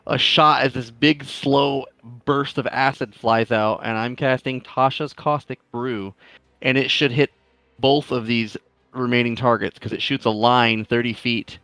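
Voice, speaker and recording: A man player walks through his character's attack and the rules of a spell, stopping on ums. His voice is smooth and resonant, recorded close and dry. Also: mid-range voice, fairly bright tone, no echo. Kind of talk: narrating a tabletop game character.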